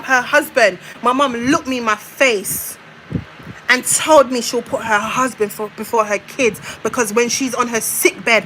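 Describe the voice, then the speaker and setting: A woman launches a heated, repetitive rant aimed straight at her mother. Her voice sits high, and a faint hiss of background noise runs under her words. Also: sharp tone, low-quality recording. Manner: confrontational, repetitive, addresses her mother directly. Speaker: vlogger. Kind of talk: emotional rant to viewers.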